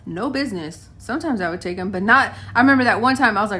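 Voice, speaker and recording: A vlogger in her late thirties chats to camera from home, calling her viewers "guys" and acting out quotes as she tells stories and plays both sides of conversations. Her mid-range voice races along with lively intonation and hardly any pauses, sounding pushed and bright.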